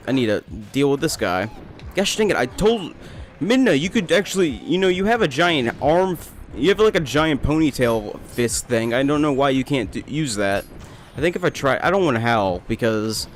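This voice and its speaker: A man's voice: medium pitch, a little hiss or hum. A young man casually commentating his gameplay, rambling, joking and talking to the characters on screen. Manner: rambling, joking, talks to the game. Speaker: let's play host.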